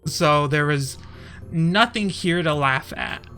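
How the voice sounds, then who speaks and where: A man's voice: a little high, slow, sharp tone, soft background music. A young man from Texas chatting casually on his stream, often laughing and trailing off mid-thought.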